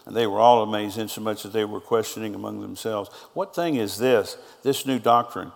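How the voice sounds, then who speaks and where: A middle-aged pastor's gravelly, lowish voice fills a large hall as he preaches a little fast. His sermon is built on stories, with him quoting the back-and-forth of what people said.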